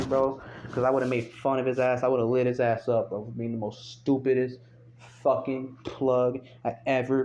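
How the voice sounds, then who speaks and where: A man's voice: medium pitch, darkish tone, slight background noise. A young man telling a rambling, profane story in casual speech, recorded on a phone. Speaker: storyteller vlogger. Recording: dull lo-fi phone audio.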